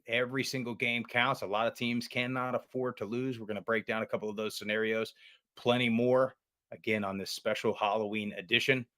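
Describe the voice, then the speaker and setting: A man's voice: mid-range voice, fairly bright tone. A man hosting a college football podcast, talking in an upbeat, promotional way. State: voice muffled by a costume mask. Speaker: podcast host. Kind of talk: casual sports chat.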